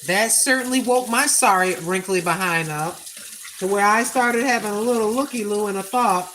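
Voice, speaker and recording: A woman in her sixties hosting a cooking livestream, chatting in a folksy way and repeating her points slowly for emphasis. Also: mid-range voice, fairly bright tone, a little hiss or hum. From United States. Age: 60s. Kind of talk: casual livestream chat.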